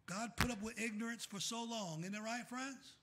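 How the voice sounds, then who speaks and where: A middle-aged man preaching a fiery sermon as pastor. He calls out questions for the congregation to finish and swings from shouting to soft, quiet asides. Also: high-pitched, brisk, background noise. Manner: calls out "what?" for the congregation to fill in scripture.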